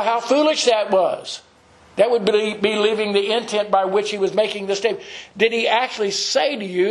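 Male preacher, higher register, earnest and measured sermon delivery. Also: rough recording.

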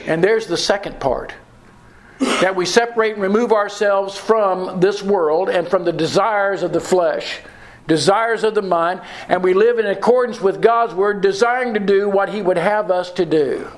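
High-voiced man preaching a sermon. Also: a little hiss or hum, poor audio. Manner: earnest, slows and stresses quoted scripture; repeats phrases for emphasis.

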